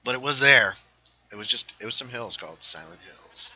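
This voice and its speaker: A man with a very bright, sharp voice talks his way through a game livestream. He rambles from one thing to the next and reads viewers' comments out loud as he plays. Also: mid-range voice, expressive, breathy edge, rough recording. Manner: rambling, reads chat aloud, quick asides. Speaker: livestream host playing a game. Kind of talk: casual gaming livestream chat.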